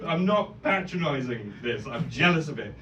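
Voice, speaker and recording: A man doing an animated stand-up set, swearing and breaking into loud exclamations. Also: mid-range voice, moderate pace, highs cut off, slight background noise. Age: 30s. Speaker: stand-up comedian. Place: comedy club stage. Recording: echoey club heard from a distance. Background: audience laughter.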